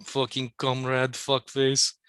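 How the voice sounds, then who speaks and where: A man's voice: mid-range voice, monotone, slow pace, a bit bright, clean tone, no echo. A man putting on a crude grumbler. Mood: grumbling, crude. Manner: crude, swearing, rambling. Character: crude mock-Russian man grumbling about home.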